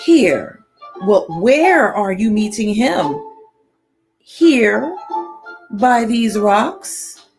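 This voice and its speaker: A woman's voice: a little high, animated, very slow, creaky, long pauses, darkish tone, soft background music, heavily acted. A woman voicing a clever little brown mouse in a storybook read-aloud, bold and matter-of-fact. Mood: cheeky.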